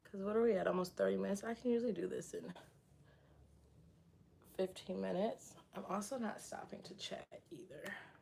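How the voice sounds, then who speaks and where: A woman's voice: medium pitch, moderate pace, vocal fry, pauses often, darkish tone, slight background noise. A woman in her thirties chatting casually while she does her hair, reading and answering comments, tired and a little sick. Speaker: vlogger.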